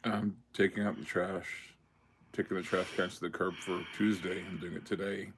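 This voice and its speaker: A man's voice: low-pitched, flat delivery, normal speed, a little hiss or hum. A man co-hosting a casual chat, chiming in with teasing remarks. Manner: teasing interjections. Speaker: co-host.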